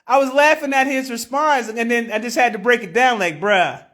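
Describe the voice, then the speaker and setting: A woman hosting a live stream, giving casual commentary in an animated, slangy way and laughing often. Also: fairly high pitch, fairly quick. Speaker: livestream host.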